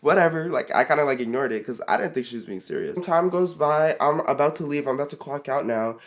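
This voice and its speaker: Brief: teen vlogger, casual storytime, filler-heavy, profane, mid-range pitch. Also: expressive, fast. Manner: rambling, full of fillers and swearing.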